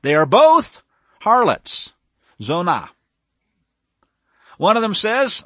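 Animated, high-voiced male preacher. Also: slow, long pauses, no room sound. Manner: animated, emphatic, self-described nerdy. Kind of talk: sermon.

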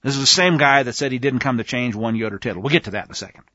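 A man giving a conversational Bible teaching, animated and emphatic, speaking straight to his listeners. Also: mid-range voice, rapid-fire, no room sound. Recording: dull lo-fi dry recording.

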